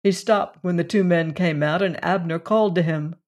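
A narrator reading a story aloud at a measured pace. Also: medium pitch, dull audio. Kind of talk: audiobook narration.

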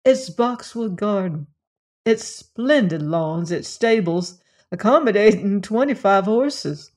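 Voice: mid-range voice, expressive, slow, a little mellow. A narrator voicing a proud, pompous male real estate agent who speaks in grand, flowery phrases, read as a character in an audiobook. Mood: boastful.

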